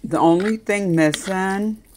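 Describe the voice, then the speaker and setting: A woman chatting casually in her home kitchen, talking homey and cooing at her dog in a high sing-song voice. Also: slow pace, darkish tone, slight background noise. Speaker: vlogger. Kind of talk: casual kitchen vlog chat.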